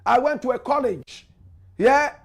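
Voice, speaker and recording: A man's voice: very high voice, animated, measured pace, vocal fry. A man from Ghana with a Ghanaian accent, hosting an opinionated commentary show and preaching directly to his listeners.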